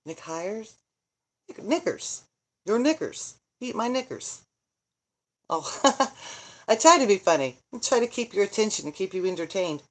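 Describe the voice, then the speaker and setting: Slow-talking joking middle-aged woman. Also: medium pitch, big pitch swings. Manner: joking, chatty, laughs often, answers viewer comments aloud. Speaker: vlogger, grandmother. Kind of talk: casual rambling livestream chat. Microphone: phone.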